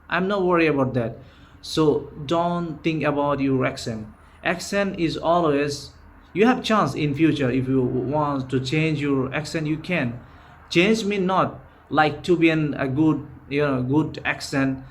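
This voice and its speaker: Man, Bangladeshi accent, Bengali native speaker, fairly high voice, earnest English tutor, informal lesson, lots of restarts. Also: a little slow. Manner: earnest, repetitive, frequent restarts. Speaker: English teacher.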